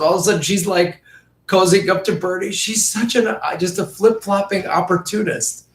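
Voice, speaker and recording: A man ranting through casual political commentary, profane and mocking, slipping into quick impressions of politicians. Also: high-pitched, reverberant, a little hiss or hum.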